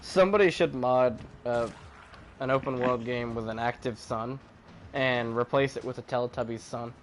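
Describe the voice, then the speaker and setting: A man chatting casually while streaming a game, animated and joking, swearing freely. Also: mid-range voice, moderate pace, slight background noise. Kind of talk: casual gaming chat.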